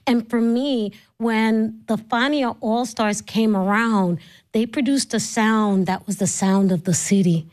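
Lively, laughing New York woman. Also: on the high side, unhurried. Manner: lively storyteller, laughs often, acts out voices. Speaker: podcast host guest. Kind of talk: casual interview chat.

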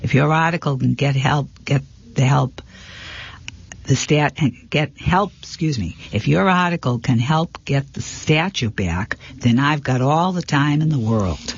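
A man's voice: mid-range voice, measured pace, creaky, slightly rough, dull audio. A man voicing a proud, distraught middle-aged gallery owner who speaks indignantly in a storybook reading. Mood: weary. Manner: indignant and wailing, then weary.

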